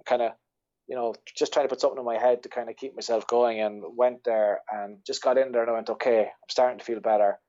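A man's voice: mid-range voice, fairly even intonation, fast talker, dark tone, lo-fi sound. A man with an Irish accent, a podcast guest telling a rambling story in casual chat, swearing freely and laughing as he goes. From Ireland. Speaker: podcast guest, ultra-runner.

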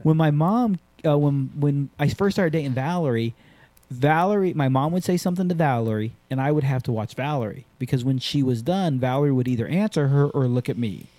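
A man hosting a casual podcast, telling loose, swear-heavy stories with lots of energy. His voice has a dark, mellow tone, and the sound is dry and close with no room echo. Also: mid-range voice, fairly quick. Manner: profane, animated storytelling. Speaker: podcast host and skydiving instructor.

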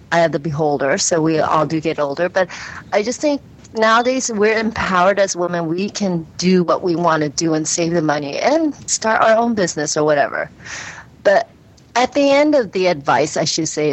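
A woman's voice: on the low side, expressive, normal speed, rough recording. Earnest woman giving advice. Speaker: panel guest. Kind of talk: advice in panel talk.

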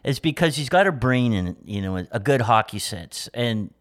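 A man's voice: mid-range voice, animated, moderate pace. A man co-hosting a casual podcast, eagerly adding context and prompting the host to tell stories. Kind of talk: casual chat.

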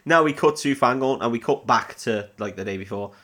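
A man's voice: mid-range voice, brisk, fairly bright tone. A young man co-hosting a comedy podcast, recapping a film in a rambling, laughing, swearing chat. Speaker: podcast co-host.

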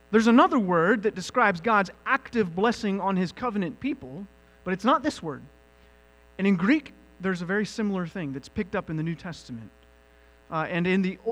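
Male pastor, high and animated preaching voice, faint mains hum. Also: low-quality recording. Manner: animated teaching with emphatic asides. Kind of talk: sermon.

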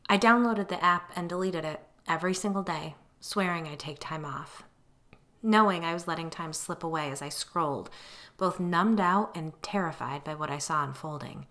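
Low gravelly woman narrating a memoir. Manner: expressive storytelling, acting out her own quoted lines. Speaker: audiobook narrator. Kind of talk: first-person memoir narration.

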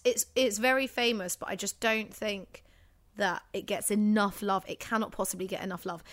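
A woman co-hosting a podcast, chatting casually and gushing about films with quick asides. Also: medium pitch, fairly bright tone. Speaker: podcast co-host. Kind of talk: casual chat.

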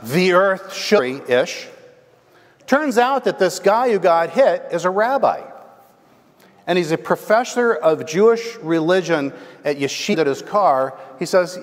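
A man's voice: a little high, a little slow. A male pastor preaching a sermon in a conversational storytelling manner, often checking in with the congregation. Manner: conversational, animated, asks the congregation "right?". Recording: long reverb from a large hall.

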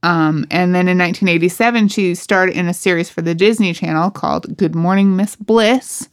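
Low-voiced woman co-host sharing trivia. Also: moderate pace, clean tone. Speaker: podcast co-host. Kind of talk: casual chat about film cast trivia.

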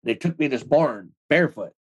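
A man speaking as an interview guest, telling his own story in rapid, loose talk with many "like"s and plenty of swearing. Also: medium pitch, expressive, slightly rough, low-quality recording. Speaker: interview guest, former extremist. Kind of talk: casual storytelling in a podcast interview.

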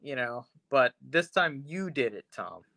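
A man's voice: mid-range voice, expressive, a little slow, vocal fry, pushed and bright, no echo. A man co-hosting a casual podcast, retelling a horror episode in a rambling, crude way. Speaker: podcast co-host.

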